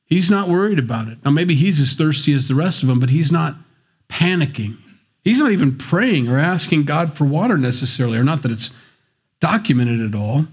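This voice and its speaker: A man's voice: fairly high pitch, animated, fairly quick, slightly rough. Conversational male Bible teacher. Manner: conversational, wry asides, acts out voices. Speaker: pastor.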